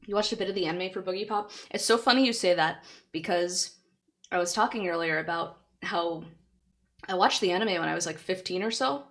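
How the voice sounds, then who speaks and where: Lowish-voiced girl streamer reading a novel out loud, chatty, laughs a lot. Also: a little fast. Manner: chatty, laughs often, answers chat.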